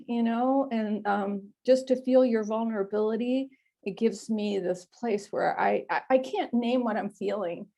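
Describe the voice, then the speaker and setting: A woman giving an emotional personal share at a recovery meeting over an online call. She is close to tears and speaks haltingly, with many pauses and fillers. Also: a little high, vocal fry, mellow. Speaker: meeting member sharing.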